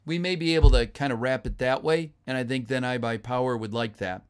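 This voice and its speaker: A man hosting a casual live stream, chatting with viewers, thanking them and answering their messages with plenty of fillers and sudden excited outbursts. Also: mid-range voice, a little fast, clean tone. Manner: chatty and grateful, with frequent fillers and bursts of excited exclamations.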